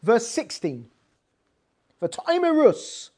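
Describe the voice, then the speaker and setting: Drawing out her words, a woman with a highish, breathy-edged voice walks through scripture in a conversational lesson. As a Bible teacher, she explains the verses animatedly and performs the quoted lines with attitude.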